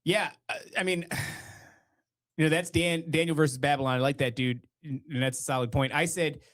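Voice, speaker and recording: A man's voice: a little high, steady tone, normal speed, fairly bright tone, dry recording. Rambling podcast host man, dry sound. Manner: rambling, hesitant, lots of restarts. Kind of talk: casual chat.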